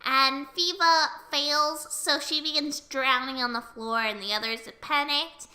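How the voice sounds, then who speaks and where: A young storyteller rambles through a tabletop game recap with loose, giggly energy. The voice sits very high and sounds bright. It is casual, unscripted storytelling. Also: steady tone, a little slow.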